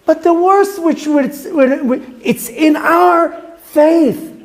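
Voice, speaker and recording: A man preaching as a rabbi, fiery and rebuking, repeating words for emphasis and swinging between shouts and hushed tones. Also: very high voice, slow. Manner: repeats words for emphasis, asks rhetorical questions. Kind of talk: impassioned sermon.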